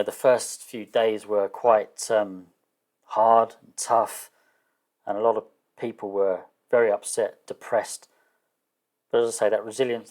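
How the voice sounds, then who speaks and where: A man explaining his solo tabletop game setup in a casual, hesitant way, often pausing with fillers and restarting sentences, and unsure of some terms. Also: on the low side, a little mellow. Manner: self-deprecating, unsure of terms. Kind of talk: casual thinking-aloud explanation.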